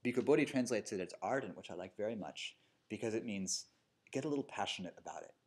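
A man's voice: on the low side, expressive, fast talker, a little mellow, husky. A man meditation teacher giving a casual dharma talk in a yoga studio, telling stories and checking in with "right?" and "you know". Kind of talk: dharma talk to a live group. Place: yoga studio with a seated audience.

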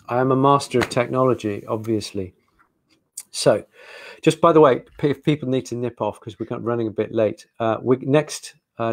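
A man's voice: medium pitch, dry recording. A man, a veterinarian giving a live online presentation with slides, chatty and enthusiastic with self-mocking humor.

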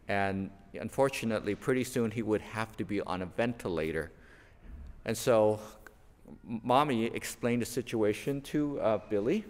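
A man, a pastor, preaching a sermon built on light stories, unhurried and telling them with lively quoted voices. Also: lowish voice, in a large hall. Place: church sanctuary.

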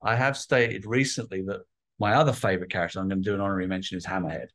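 Speaking low and at a racing pace, this middle-aged Englishman is a guest artist spinning lively tales in a casual interview. He performs the voices of people from his childhood as he goes.

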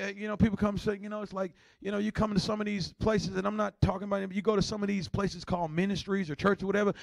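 A man preaching a lively sermon as pastor, joking with the congregation and swinging between shouts and hushed asides. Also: sits high, vocal fry, no room sound.

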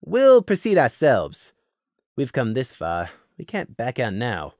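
A man voicing a firm male deer sergeant who talks in a brisk, commanding way. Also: medium pitch, huge pitch swings, darkish tone, dry recording, clean studio sound, exaggerated voice.

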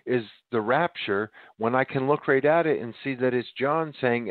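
A man's voice: medium pitch, moderate pace, hardly any pauses, dry recording. Winded preaching man on a tinny line. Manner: emphatic, addresses listeners as ladies and gentlemen. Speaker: podcast host. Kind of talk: preaching monologue.

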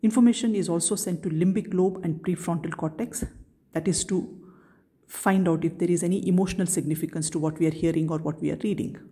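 Low, mellow-voiced woman lecturing. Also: steady tone. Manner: measured, explanatory, poses and answers her own questions. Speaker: neuroanatomy lecturer. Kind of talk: recorded video lecture.

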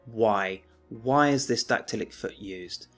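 A man teaching a remote lesson, reading a poem aloud in a measured, declaiming way and then explaining it plainly. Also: fairly low pitch, fairly bright tone, faint music behind.

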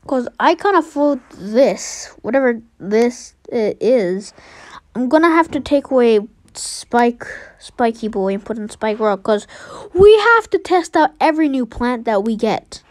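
A young woman giving casual, excitable gameplay commentary, trash-talking and trailing off into mutters. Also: fairly high pitch, no room sound. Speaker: game streamer.

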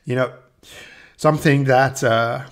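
Male podcast host, earnest rambling monologue, gravelly, chuckles often. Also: mid-range voice, fairly even intonation, measured pace. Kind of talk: personal reflective monologue.

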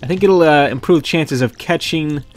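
With game music in the background, another gaming video host plays a farming game, his voice fairly high and his speed normal. His let's-play commentary is casual and chatty, and he voices the characters' dialogue aloud as he goes.

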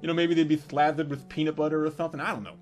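A man in his thirties telling a crude, profane comic story in a brash, animated way. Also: fairly high pitch, very fast, soft background music. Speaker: comedic storyteller. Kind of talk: crude comedic storytelling monologue.

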